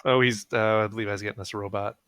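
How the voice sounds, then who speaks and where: Easygoing man with a bright voice. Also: fairly low pitch, steady tone, fairly quick, smooth, dry recording. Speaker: player. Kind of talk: casual chat during an online tabletop game.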